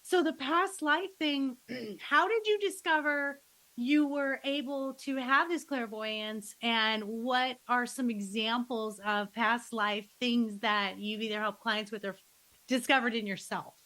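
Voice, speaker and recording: A woman's voice: on the high side, takes it slowly, bright, forceful tone, low-quality recording. A woman hosting a podcast interview, chatting casually and eagerly. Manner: eager, enthusiastic. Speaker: podcast host.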